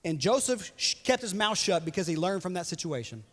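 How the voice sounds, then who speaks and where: Animated joking male pastor, echoing hall. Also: high voice, fairly quick. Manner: animated, joking, voices quotes playfully. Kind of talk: sermon. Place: church hall. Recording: reverberant church hall.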